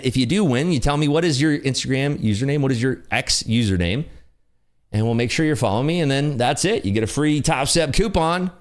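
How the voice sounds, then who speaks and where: A man hosting a live day-trading stream, chatting in an upbeat, jokey way. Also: mid-range voice. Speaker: day-trading livestream host. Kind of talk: casual live commentary.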